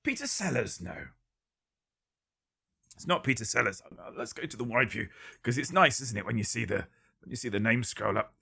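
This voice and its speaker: Running a casual quiz on a livestream, a man with a gravelly, slightly husky voice at medium pitch fires off guess after guess. He sounds bright and forward, his humor dry and deadpan, speaking at normal speed with long pauses.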